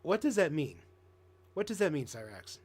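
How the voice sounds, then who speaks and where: A man's voice: fairly high pitch, big pitch swings, moderate pace, a little mellow, breathy edge. Crude mocking male commentary host. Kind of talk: casual reaction commentary.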